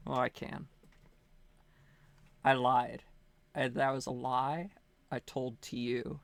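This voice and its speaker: A man's voice: medium pitch, little pitch movement, slow pace, gravelly, pauses often, a bit bright. A young man live-streaming a game, chatting casually in a nervous, rambling, self-mocking way.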